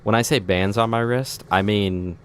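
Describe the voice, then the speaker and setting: A man's voice: fairly low pitch, fairly even intonation, normal speed, a little hiss or hum. A young man streaming a video game live, chatting and joking with his viewers in a rambling way. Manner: joking, rambling, breaks into silly voices. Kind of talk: live gameplay chat.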